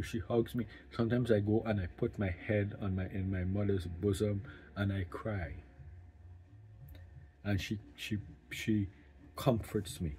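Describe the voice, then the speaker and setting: A middle-aged man speaking candidly about caring for his mother, emotional and halting, often restarting his sentences. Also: fairly low pitch, steady tone, warm tone. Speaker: family caregiver. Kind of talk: candid personal talk to camera.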